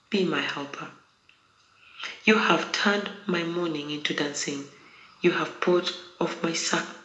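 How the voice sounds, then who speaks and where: A prayer leader reciting daily liturgical prayers in a slow, measured, solemn way. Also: medium pitch, creaky, bright, forceful tone. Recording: roomy echo.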